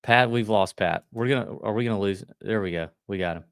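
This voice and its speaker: A man co-hosting a golf betting podcast, talking in a quick, loose, joking way. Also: fairly low pitch, no room sound, studio quality. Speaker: podcast co-host. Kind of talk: casual golf betting chat.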